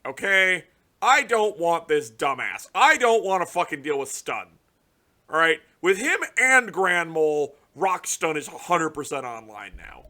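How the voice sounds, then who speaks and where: A young man giving casual, profane reaction commentary on a card game release, ranting in exasperation with sudden loud outbursts. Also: on the high side, very animated, unhurried. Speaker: card game content creator.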